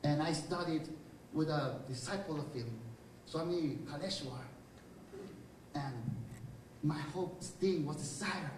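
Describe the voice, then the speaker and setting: A man's voice: fairly high pitch, unhurried, long pauses, darkish tone, a little hiss or hum. Male spiritual teacher, reflective storyteller, distant roomy hall recording. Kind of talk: inspirational lecture with personal stories. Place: university lecture hall. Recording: roomy hall, speaker far from mic, faint ambience.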